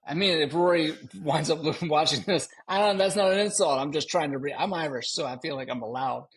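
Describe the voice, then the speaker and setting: A man co-hosting a podcast, telling a story in animated casual chat and laughing often. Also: a little high, a little fast, husky. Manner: animated, laughing, slips into joking voices. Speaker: podcast co-host.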